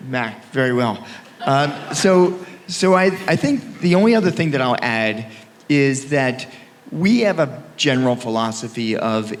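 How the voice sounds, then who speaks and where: A man speaking on a conference panel, upbeat and conversational. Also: medium pitch. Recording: reverberant conference hall.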